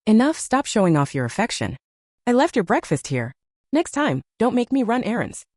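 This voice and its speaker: A woman voicing a numb, deadpan younger brother in an audio novel. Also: fairly high pitch, normal speed, dry recording, studio quality, pitched above the performer's own voice.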